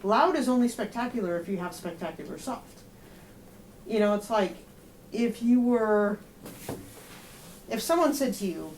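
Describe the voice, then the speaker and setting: A woman's voice: on the high side, expressive, normal speed, pauses often, a little mellow, a little hiss or hum. A woman giving a student one-on-one feedback in a music lesson, direct and explaining with everyday comparisons. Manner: sings rhythms on nonsense syllables. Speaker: euphonium teacher.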